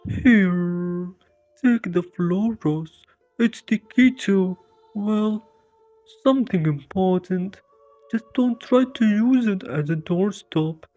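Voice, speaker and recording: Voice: mid-range voice, takes it slowly, mellow, no echo, voice pushed up, lightly acted. A narrator doing a cryptic gothic cult woman. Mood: mock-ominous. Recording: dull lo-fi with faint music.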